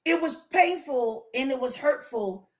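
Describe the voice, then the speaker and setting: A woman life coach speaking on a livestream to her viewers, animated and preachy. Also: high voice, unhurried. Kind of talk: livestream motivational talk.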